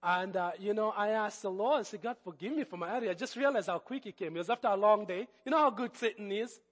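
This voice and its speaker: A middle-aged man preaching, telling a personal story in an animated, expressive way. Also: high-pitched, fast. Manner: animated storytelling, lively swings of loudness. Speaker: pastor.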